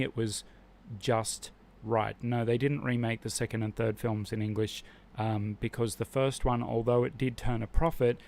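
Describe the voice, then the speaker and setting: A man's voice: fairly low pitch, creaky, darkish tone, a little hiss or hum. A man hosting a live stream, talking casually and with strong opinions, rambling and restarting his sentences often.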